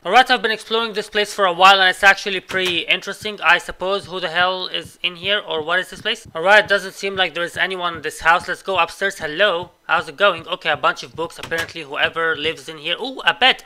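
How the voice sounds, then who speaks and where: Excitable high-voiced gaming commentator man. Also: low-quality recording. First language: Arabic. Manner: excitable, swearing, reacting loudly to surprises. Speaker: gaming YouTuber. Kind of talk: Minecraft let's play commentary.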